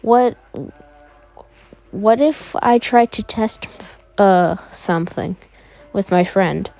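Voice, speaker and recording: A woman voicing an eager, excitable little boy with a raised, bright-toned voice. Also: mid-range voice, slow pace, creaky.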